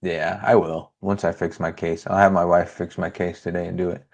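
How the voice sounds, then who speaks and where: A man with a fairly low voice, speaking in a relaxed, unhurried way. He co-hosts a livestream at a desk mic, reading out items and chat comments in plain casual talk. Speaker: co-host of a precious metals livestream.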